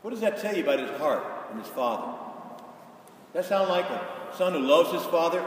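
A man preaching a sermon in a large church, emphatic and rising to shouts for stress. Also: a little high, big pitch swings, fairly quick, slight background noise. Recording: echoey hall from far off.

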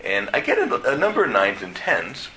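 A middle-aged Catholic priest giving a plain-spoken, conversational sermon in a church, halting and restarting as he goes. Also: medium pitch, huge pitch swings, bright, forceful tone, a little hiss or hum, low-quality recording.

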